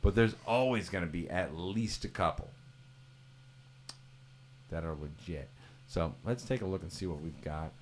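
A man's voice: low voice, normal speed, pauses often, a little hiss or hum. A man hosting a podcast, chatting casually and joking with mock-serious exaggeration. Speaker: podcast host.

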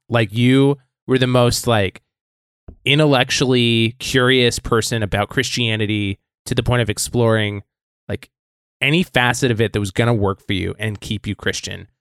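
A man's voice: medium pitch, normal speed, a bit bright, dry recording, clean studio sound. A man co-hosting a podcast in casual chat, upbeat and supportive, laughing often and saying "like" a lot. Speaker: podcast co-host.

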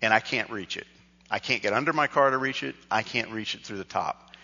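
A man's voice: on the low side, a little fast, sharp tone. A man, a pastor telling a self-deprecating personal story in a conversational sermon. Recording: dull sound with long hall reverb.

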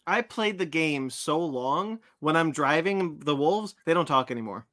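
A man's voice: on the high side, animated, a little slow, sharp tone. A man in a casual chat as co-host of a gaming podcast. He speaks eagerly and keeps jumping in to steer the conversation toward what he wants to talk about.

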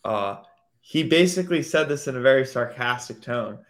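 Male podcast co-host, loose rambling talker, mid-range pitch, mocking quoted voices. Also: animated, moderate pace, a bit bright. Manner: rambling, many fillers, mimics others in mocking quoted voices. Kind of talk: casual chat.

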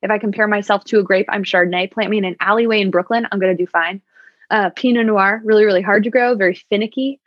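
In a casual podcast interview, the guest, a woman sommelier, keeps things upbeat with wry asides. Her medium-pitched voice holds a steady tone at a quick pace, and the audio is dry, dull, slightly lo-fi, with no room sound.

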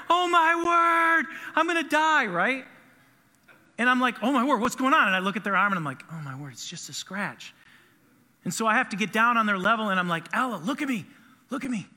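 A man in his thirties preaching a sermon in an animated, conversational way to his congregation. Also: a little high, long reverb tail. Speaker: pastor.

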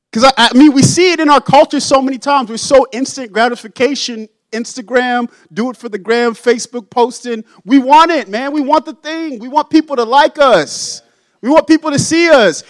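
High-voiced pastor preaching a lively sermon. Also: male voice, no room sound, rough recording. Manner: conversational, acts out Bible figures in casual voices.

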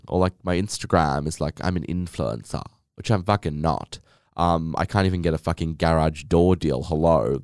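A man's voice: fairly low pitch, no echo, clean studio sound. A man hosting a casual solo podcast, telling rambling stories in a sassy, swearing way. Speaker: podcast host.

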